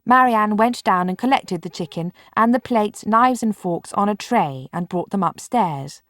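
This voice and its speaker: A woman narrating an audiobook in a measured, clear storytelling manner. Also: mid-range voice, animated, fairly bright tone, no echo, studio quality. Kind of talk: scripted narration.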